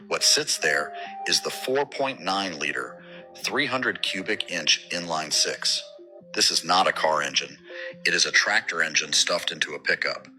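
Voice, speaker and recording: A man's voice: low voice, sharp tone, poor audio. A man reading a scripted voice-over about an old truck in short, firm sentences. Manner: measured, declarative, short punchy sentences.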